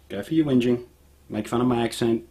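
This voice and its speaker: A man's voice: medium pitch, a little mellow. A young man with an Australian accent, ranting to his viewers in a vlog. His tone is sarcastic and mocking. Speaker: vlogger.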